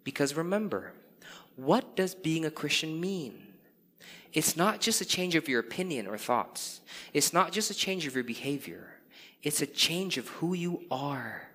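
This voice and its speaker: Male pastor in his thirties, crisp bright tone, earnest sermon in a reverberant hall. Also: fairly high pitch, lively intonation, measured pace. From Indonesia. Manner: earnest, with candid self-deprecating storytelling.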